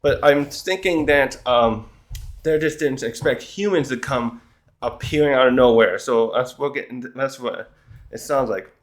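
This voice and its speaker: A man's voice: mid-range voice, normal speed. Rambling man reviewing a comic chapter. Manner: rambling, self-interrupting, acts out characters' lines. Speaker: manga review host. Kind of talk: casual solo chapter review.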